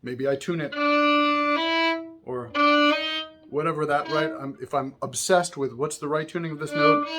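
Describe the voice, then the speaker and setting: A man teaching a music lesson, explaining patiently and often checking in with "right?", singing short examples between explanations. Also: medium pitch.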